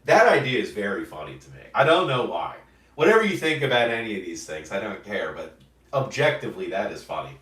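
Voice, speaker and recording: A man's voice: on the low side, sing-song, brisk, fairly bright tone. A man casually commenting on his own comic pages, with rambling asides and frequent fillers. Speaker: comic artist discussing his own work. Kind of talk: casual commentary over artwork. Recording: roomy, from a distance.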